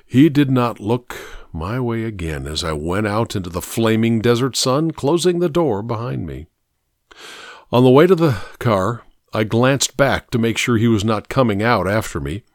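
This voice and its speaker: Casting note: male audiobook narrator, measured and grave, mid pitch with an expressive lilt, dry close studio sound. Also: no room sound. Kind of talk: first-person audiobook narration.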